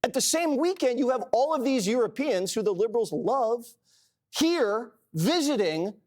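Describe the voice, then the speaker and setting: A man's voice: extremely high pitch, sing-song, normal speed, darkish tone. A man co-hosting a panel show, brash and boastful while telling anecdotes. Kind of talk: casual panel commentary.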